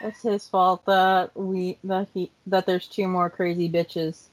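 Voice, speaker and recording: A lower-pitched woman chatting casually as a podcast co-host. She speaks quietly, teases her friend, and laughs softly now and then. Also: level tone, slow pace, poor audio. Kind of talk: casual chat.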